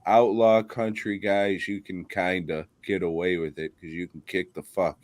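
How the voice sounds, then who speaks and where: A man's voice: low-pitched, flat delivery, normal speed, darkish tone, dry recording. A man co-hosting a casual comedy podcast, ranting in a profane, mock-angry way. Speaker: podcast co-host.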